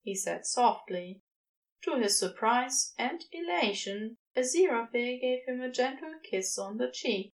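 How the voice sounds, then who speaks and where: A woman narrating a story in an expressive reading voice. Her pitch sits a little high and moves about a lot. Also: measured pace, low-quality recording. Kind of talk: scripted narration.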